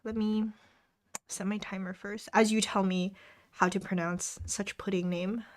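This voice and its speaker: A woman's voice: mid-range voice, fairly even intonation, measured pace. Chatty young woman laughing between comments. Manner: chatty, laughs often, reads viewer comments aloud. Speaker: livestream host. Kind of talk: casual chat with a live audience. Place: home desk during a study stream.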